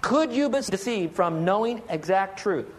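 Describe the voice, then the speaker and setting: High-voiced man preaching a sermon. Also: animated, moderate pace. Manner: earnest, pleading, asks many rhetorical questions. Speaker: pastor.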